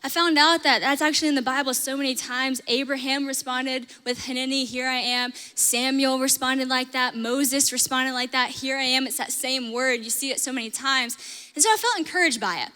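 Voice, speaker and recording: A young woman sharing a personal faith testimony, earnest and animated, with lots of "like". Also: high-pitched, normal speed, long reverb tail. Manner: earnest, animated storytelling with frequent "like". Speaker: host sharing her testimony.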